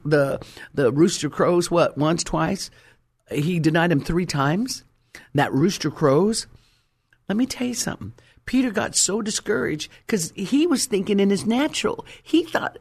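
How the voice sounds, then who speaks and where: A man's voice: fairly high pitch, big pitch swings, moderate pace, husky. A male preacher delivering a fervent, story-driven sermon with rhyming emphasis.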